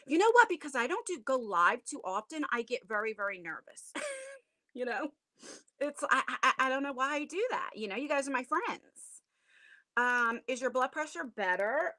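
A woman's voice: high-pitched, bright, forceful tone, no echo, studio quality. A middle-aged woman chatting casually with viewers on a home livestream from her attic, rambling with lots of fillers. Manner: chatty and rambling, many fillers, self-conscious laughs. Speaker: channel host. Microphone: tablet device.

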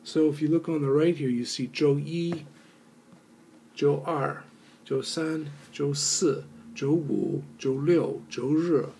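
A Mandarin teacher with a slightly high voice, slow pace, vocal fry and warm tone leads a recorded language lesson. He explains step by step with fillers and patiently repeats phrases for learners to echo. There's a little hiss or hum in the background.

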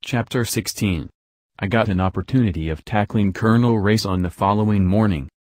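A man reading an audiobook in a steady, even storytelling voice. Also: lowish voice, fairly quick, dry recording, studio quality. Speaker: audiobook reader. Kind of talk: scripted audiobook narration.

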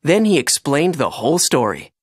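A narrator reading a children's storybook aloud in an expressive, animated way. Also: medium pitch, moderate pace, slightly rough, no room sound, studio quality.

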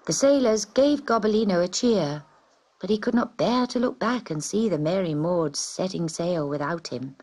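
A woman reading a children's story aloud in an expressive, dramatic way. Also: on the low side, normal speed, rough recording.

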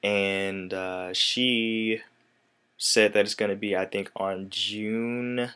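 A man's voice: lowish voice, takes it slowly, smooth. A young man in his twenties giving a casual, rambling vlog update to his viewers. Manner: relaxed, rambling with fillers. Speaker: vlogger.

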